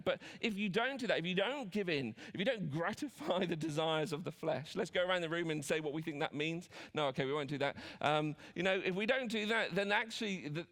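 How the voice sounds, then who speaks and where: A man's voice: on the high side, fairly bright tone, long reverb tail. A man with an English accent preaching a sermon in a chatty way, with frequent restarts and asides.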